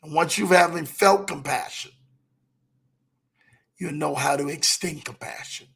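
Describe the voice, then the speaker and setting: Gravelly motivational man, slightly high voice. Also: a bit bright. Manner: preachy, repeats key lines, slows for emphasis. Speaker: motivational show host. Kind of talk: motivational talk.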